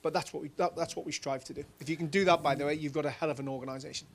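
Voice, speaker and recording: Chatty middle-aged Geordie man, slightly high. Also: rapid-fire, a little hiss or hum. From Newcastle, England. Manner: chatty, animated anecdotes with many fillers. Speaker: keynote speaker. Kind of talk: conference stage Q&A, storytelling.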